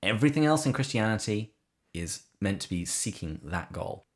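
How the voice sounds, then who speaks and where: Speaking at a normal speed with a breathy edge, this podcast co-host has a strikingly deep, low voice and an easygoing, conversational manner. His talk about faith is sincere and thoughtful, broken now and then by a bit of dry wit.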